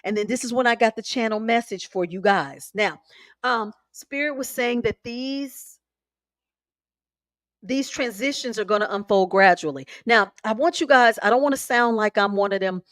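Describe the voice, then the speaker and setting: A woman hosting a spiritual live stream from home, talking in a chatty, animated and emphatic way with folksy asides. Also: a little high, normal speed, no room sound. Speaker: spiritual content creator, live host. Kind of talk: casual live-stream talk.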